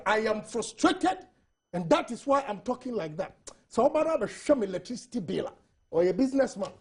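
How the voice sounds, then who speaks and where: A man's voice: very high voice, darkish tone, husky. A man with a Ghanaian accent, a studio panelist giving impassioned, argumentative commentary on a TV newspaper review, full of rhetorical questions.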